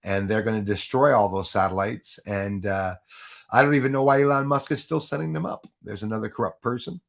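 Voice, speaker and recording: A man hosts a live stream from home into a Yeti USB microphone, rambling casually, often restarting and laughing at his own jokes. His voice is lowish and creaky, moving a little fast.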